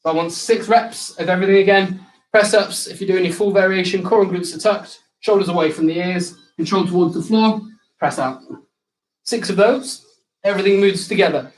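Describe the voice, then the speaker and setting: A man's voice: sits high, fairly quick. A young man coaching a live online circuit class, cueing exercises with light banter. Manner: upbeat, instructive cueing with banter. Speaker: fitness instructor. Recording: echoey room.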